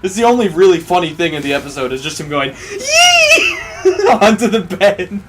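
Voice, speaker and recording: A man's voice: high voice, fast talker, very noisy. A man casually retelling an anime episode while playing a game, cursing freely and acting out what the characters say. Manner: profane, animated retelling, acting out quoted characters. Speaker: let's play co-host. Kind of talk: casual gaming commentary chat.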